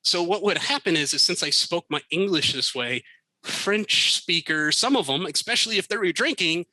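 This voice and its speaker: A middle-aged American man tells casual stories as a guest on a podcast, laughing as he goes. His voice is very bright and sits a little high. The recording is close and dry. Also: moderate pace, no room sound, low-quality recording. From United States. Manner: animated, laughing storyteller. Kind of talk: casual storytelling.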